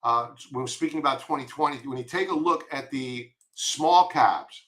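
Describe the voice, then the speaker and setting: A man's voice: mid-range voice, moderate pace, a bit bright. A man with a Long Island accent giving blunt, emphatic stock chart commentary, repeating his warnings. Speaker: market commentator.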